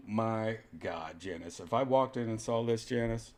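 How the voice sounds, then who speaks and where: A man's voice: medium pitch, very animated, normal speed, hardly any pauses, loud music behind the voice. A man hosting a podcast, giving casual, exasperated reaction commentary and swearing often. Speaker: podcast host.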